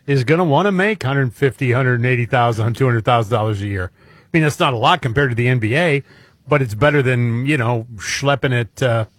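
A man's voice: mid-range voice, a little fast, no echo. A man co-hosting a talk radio show, chatting bluntly and matter-of-factly. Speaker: co-host. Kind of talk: casual talk radio chat.

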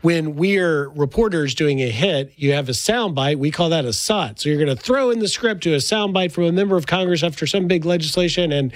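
Measured, fairly high-voiced man explaining. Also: no room sound. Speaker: co-host, former TV reporter. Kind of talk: casual political chat.

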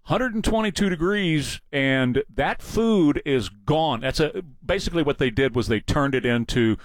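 A male radio host making his point emphatically in fast, opinionated talk. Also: fairly high pitch, expressive, no echo.

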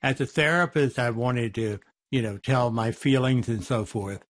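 A man talking things through in a relaxed discussion, pausing often with fillers and restarting his sentences. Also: mid-range voice, dry recording. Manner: halting, with many fillers and restarts. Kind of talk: conversational discussion.

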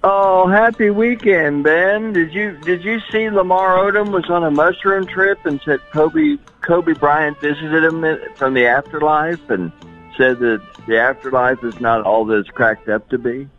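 Slow, lively man on a dull phone line. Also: on the high side, faint music behind. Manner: hesitant, filler-heavy. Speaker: caller and game contestant. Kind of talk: casual call-in banter.

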